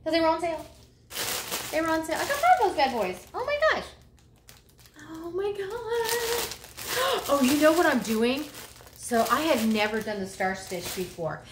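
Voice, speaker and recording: A grandmother in her fifties chatting casually about crochet, excitable and exclaiming, sometimes dropping to a whisper. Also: high-pitched, a little fast, reverberant, noisy background. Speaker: crochet vlogger. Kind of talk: casual chat. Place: bedroom, indoors.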